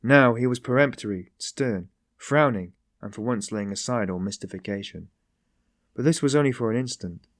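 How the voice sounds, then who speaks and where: A man's voice: medium pitch, normal speed, no room sound. Man reading an audiobook, dry close sound. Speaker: audiobook narrator. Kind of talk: scripted narration.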